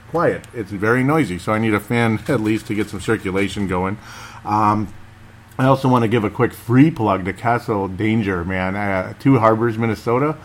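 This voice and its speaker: A man's voice: fairly low pitch, a bit bright. A man hosting his own podcast at home, chatting loosely with many fillers and small laughs. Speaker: podcast host. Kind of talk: casual solo podcast chat. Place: home room with a fan running.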